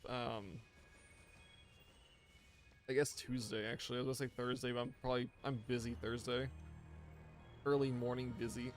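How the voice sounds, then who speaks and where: A man live-streaming a game, tired and rambling as he chats with his viewers. His voice sits at a middling pitch, and his sentences trip and restart. Faint music plays under his talk. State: tired, yawning. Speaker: gaming streamer. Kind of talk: casual live-stream chat.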